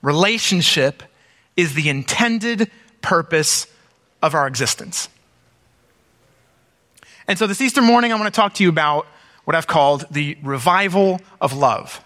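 A man preaching an Easter sermon as pastor, reading scripture aloud and breaking in with relaxed, conversational comments. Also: a little high, measured pace, long pauses, in a large hall.

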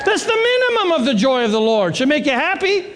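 A man preaching a sermon, animated and joking, acting out the voices of the people in the story. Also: very high-pitched, fairly quick. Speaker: pastor.

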